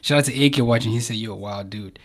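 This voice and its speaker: A young man from Cameroon hosting a casual podcast interview, relaxed and encouraging, with frequent affirmations. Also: on the low side, quick pace, crowd noise. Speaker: podcast host.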